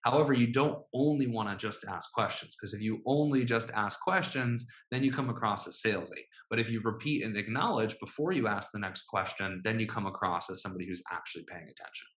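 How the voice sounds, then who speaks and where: An upbeat man coaches listeners through a sales messaging script, and he keeps checking in with a quick "right?". His voice is bright and forward, with a noticeable echo from the room around him. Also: medium pitch. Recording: echoey room.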